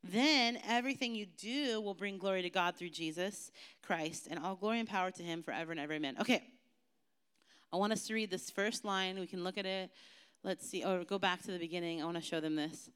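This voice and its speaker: Lively youth pastor woman, smooth voice. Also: fairly low pitch. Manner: lively, chatty and joking, with emphatic slowed phrases. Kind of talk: youth sermon.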